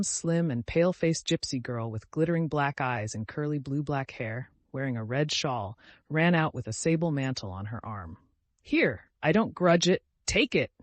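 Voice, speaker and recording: A male audiobook narrator reads scripted narration in a medium-pitched voice. The sound is dry and close, with no room sound.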